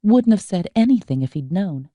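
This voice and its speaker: Audiobook narrator: woman, low dark voice, measured and slow, dry booth sound. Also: no echo. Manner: even, measured storytelling.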